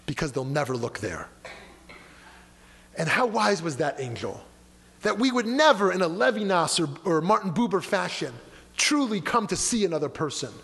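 A man's voice: high-pitched, a bit bright. A man delivering a sermon as a rabbi, impassioned and rising and falling with emphasis. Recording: long hall reverb.

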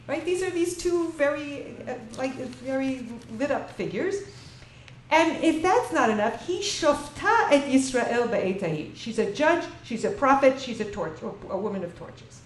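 A woman teaching a Bible class to an audience, asking them questions and reading verses in Hebrew before translating them. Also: high-pitched. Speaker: lecturer. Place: lecture room with an audience. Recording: echoey room with faint ambient noise.

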